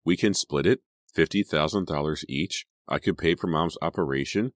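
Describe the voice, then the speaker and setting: A bold, scheming teenage girl, as a deep-voiced man puts her on for an audiobook. She sounds pushy and eager, her lines lifted well above his low natural register. The sound is dry and close. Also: moderate pace, no echo. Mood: urging.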